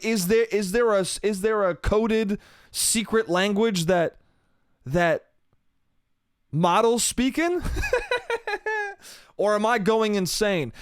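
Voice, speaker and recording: A young man talks into a close mic in a loose, profane solo monologue, rambling and laughing at his own jokes. His voice sits a little high for a man and comes across smooth and clean, with a dry, deadened sound and no room echo. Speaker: solo podcast host. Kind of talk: casual comedic monologue.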